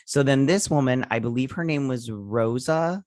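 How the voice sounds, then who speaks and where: A man's voice: mid-range voice, normal speed, darkish tone, no room sound, clean studio sound. A man casually recapping a TV episode as host, rambling with lots of fillers and often forgetting names. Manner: rambling, loose and filler-heavy, often losing track of names. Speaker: show reviewer and host.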